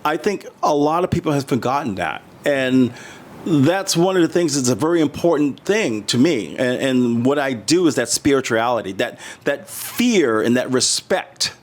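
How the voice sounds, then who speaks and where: Man, middle-aged, from the US, earnest, emotional, halting restarts, mid-pitched voice. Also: lively intonation. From United States. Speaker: interview guest. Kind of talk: casual interview talk.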